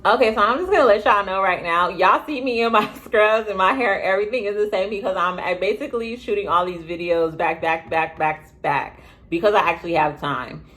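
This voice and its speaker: A young woman telling a story to her viewers in a casual vlog, rambling and chatty with quick asides. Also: mid-range voice, fairly bright tone. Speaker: vlogger. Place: indoors, sitting at home.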